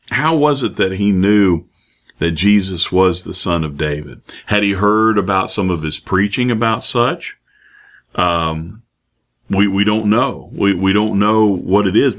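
A man preaching a sermon, reading scripture and explaining it with many pauses, fillers and restarts. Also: lowish voice. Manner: halting, many fillers and restarts, acts out quoted voices.

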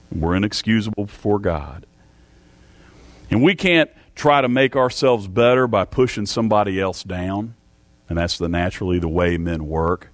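A man preaching a sermon to a church congregation, fervent, with big swings in pitch and loudness. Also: no echo. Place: church service.

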